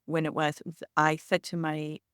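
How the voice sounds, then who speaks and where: A woman's voice: sits low, level tone, normal speed, fairly bright tone, clean tone, dry recording, studio quality. A woman, an actor and producer, speaking as a podcast guest in an emphatic, candid storytelling style, with many restarts and reenacted quotes.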